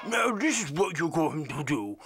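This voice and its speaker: A man's voice: on the high side, very animated, moderate pace, crowd noise, background noise. A man voicing a pushy, self-important club manager in a comedic overdub, bossy and hammy.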